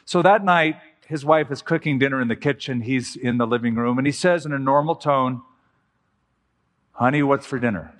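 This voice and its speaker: A middle-aged man preaching a sermon as a pastor, telling stories with slow, emphatic pauses. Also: mid-range voice. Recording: long hall reverb with faint music.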